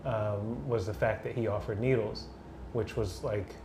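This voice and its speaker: A man's voice: fairly low pitch, steady tone, unhurried, echoey room, noisy background. A man hosting a podcast, chatting casually and swearing lightly. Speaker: podcast host. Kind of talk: casual chat.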